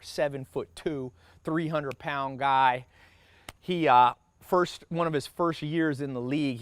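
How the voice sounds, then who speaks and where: A man giving a motivational business workshop talk, brash and profane, speaking in punchy short sentences and acting out the people he quotes. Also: medium pitch. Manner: acts out quoted people in quick asides. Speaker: business mentor.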